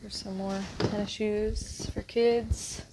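A woman's voice: medium pitch, little pitch movement, takes it slowly, background noise. A woman reseller chatting cheerfully through an unboxing on a lapel mic, upbeat and teasing. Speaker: online reseller. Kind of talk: casual unboxing chat.

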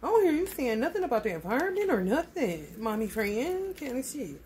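A woman's voice: high-pitched, very animated, brisk, a little mellow, slight background noise. A woman giving a casual tarot reading, blunt and profane, calling her listeners honey. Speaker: tarot reader.

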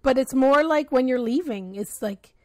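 A woman's voice: high-pitched, moderate pace, dry recording, studio quality. A woman co-hosting a podcast in casual chat, easygoing and rambling with many fillers. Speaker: podcast co-host.

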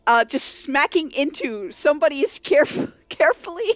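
A woman acts as game master for a tabletop group, spinning a chaotic scene for her players. Her voice sits high and sounds dry and close. She keeps breaking into laughs and tripping over her words as she narrates. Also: normal speed, no room sound. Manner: laughs often while narrating, animated with many restarts.

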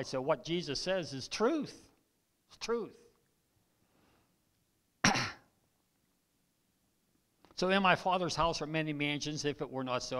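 Pastor with a tired, weakening voice. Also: male voice, fairly high pitch, a bit bright. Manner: reads scripture aloud, throat clearing, repeats for emphasis. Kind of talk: sermon. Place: church.

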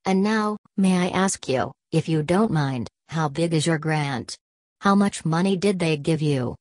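A slick, greedy middle-aged businessman, read by a woman with a low, dry voice. He talks like a salesman, direct and persuasive, angling for money. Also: a little slow, a little mellow, no echo. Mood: smooth, persuasive.

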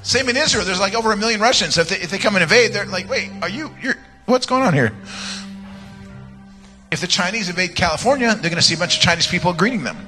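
His voice sitting high, bright and forceful, an American guest preacher races along very fast with few pauses. He tells playful, rambling personal stories in a joking sermon and laughs at his own jokes, recorded in a large church sanctuary with long church-hall reverb and music.

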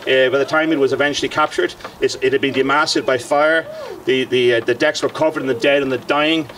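A man's voice: mid-range voice, fairly even intonation, fairly quick, a bit bright, recorded from a distance. A middle-aged Irish man, a historian, delivering a passionate commemorative address outdoors with emphatic lecturing and frequent fillers.

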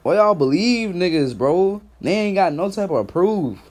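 A young man doing profane, mocking trash-talk commentary on a stream, laughing and calling people out in a put-on higher voice. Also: expressive, measured pace. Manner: mocking, laughing, loud call-outs; put-on higher voice instead of his deep one. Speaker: YouTube commentator.

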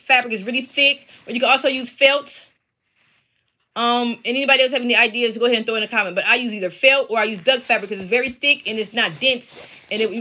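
In a home basement, a woman who sells and teaches crafts goes live, casually showing viewers her embroidered patches and speaking right to them. Her voice is a little high, with a bright, forceful tone.

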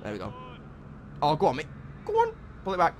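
A young man talks through his football game in a lively, bouncy voice that swings up and down in pitch. He cheers his players on, swears when things go wrong and sits a little higher than most men. A faint hiss runs underneath. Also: a little fast. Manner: excitable, shouts encouragement and swears at players. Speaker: gaming channel host. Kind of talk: casual gameplay commentary.

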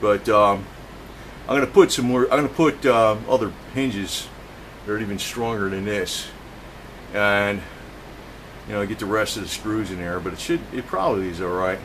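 A man's voice: on the low side, normal speed, noisy background. A man casually narrating a home video, rambling and swearing as he chats to his cats about a walkway he built. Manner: rambling, profane, chatty, talks softly to his cats. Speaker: home DIY vlogger. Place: indoor home room.

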